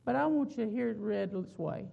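A preacher delivering a sermon, slowing down to draw out and stress key words. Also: mid-range voice, vocal fry. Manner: slow, drawn-out emphasis on key words. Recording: dull lo-fi recording.

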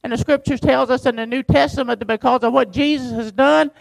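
A man pastor preaching a sermon, reading scripture slowly and driving his points home with emphasis. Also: very high voice, steady tone, gravelly, no room sound, poor audio.

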